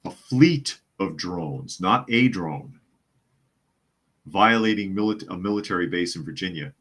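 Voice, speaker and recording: A man with a low, deep voice hosts a live news chat podcast. He reads out viewer comments and chuckles through them, and he answers in a wry, skeptical tone. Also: expressive, unhurried, fairly bright tone, slightly rough. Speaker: podcast host.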